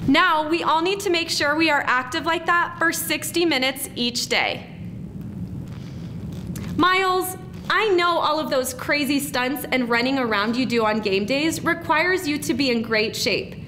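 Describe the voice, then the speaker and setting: A woman presenter speaking slowly and encouragingly to students at a school assembly. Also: sits high, background noise. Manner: slow, encouraging, teacherly.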